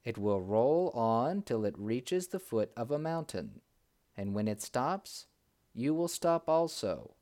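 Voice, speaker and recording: Brief: male narrator as an old dervish, slow and grave, middle pitch. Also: very animated, a little mellow. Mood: solemn.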